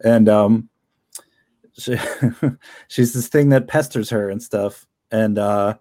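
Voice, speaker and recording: A man with a fairly low voice talks about his work in a loose, rambling way. He fills his sentences with "like" and "uh" and laughs often as he goes. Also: slow pace, mellow. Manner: rambling, chatty, laughs often, many fillers. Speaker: comic book creator. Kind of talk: casual interview chat.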